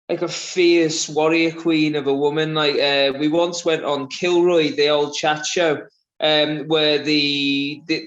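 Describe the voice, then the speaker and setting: A man's voice: on the high side, a bit bright. Scouse-tinged man chatting, slightly muffled. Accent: mixed Liverpool, southern English and Australian. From England, Liverpool. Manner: rambling, many fillers and restarts, laughs often. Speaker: interview guest, runner. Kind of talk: casual interview chat.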